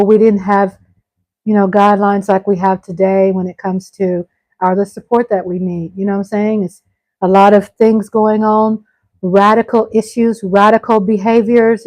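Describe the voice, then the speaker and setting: Slow, chatty woman live-streamer. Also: medium pitch, darkish tone, dry recording, poor audio. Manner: chatty and exclamatory, addresses viewers as y'all. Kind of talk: casual live-stream chat reading viewer comments.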